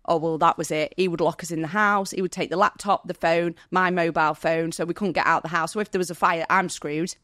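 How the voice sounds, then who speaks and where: A woman's voice: fairly low pitch, steady tone, fairly quick, few pauses, fairly bright tone, no echo, clean studio sound. Woman telling a raw personal story. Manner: candid, vivid retelling with quoted dialogue; emotional, near tears. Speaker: podcast guest.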